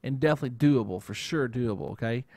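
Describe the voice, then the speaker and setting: A man's voice: medium pitch, fast, dark tone, no room sound. A man hosting a casual talk show who rambles and keeps adding "okay?" as he talks. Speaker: show host. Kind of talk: casual chat.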